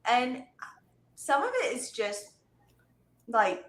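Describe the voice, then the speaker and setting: A woman in her twenties, a singer, telling stories in a casual interview, animated and giggly, heard over a video call in an echoey room. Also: a little high, takes it slowly. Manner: animated, giggly, quotes herself in voices. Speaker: singer guest.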